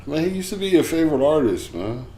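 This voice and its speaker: A man's voice: on the high side, sing-song, fast talker, dark tone. A man co-hosting a casual podcast chat, teasing his partner with short, offhand replies. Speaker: podcast co-host. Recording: echoey room.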